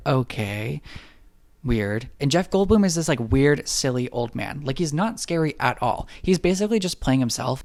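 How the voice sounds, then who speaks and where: A man's voice: mid-range voice, creaky, no room sound. Snarky young man recapping a movie. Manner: snarky, swearing, acts out characters in quick asides.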